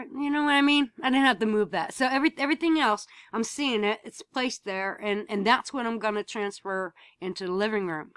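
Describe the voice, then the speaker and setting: A woman's voice: medium pitch, fairly bright tone, no room sound. Woman vlogging from home, blunt and sweary, keeps repeating herself, dry close sound. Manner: blunt, swears freely, repeats herself, rising to emphatic outbursts. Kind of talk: casual storytelling to camera.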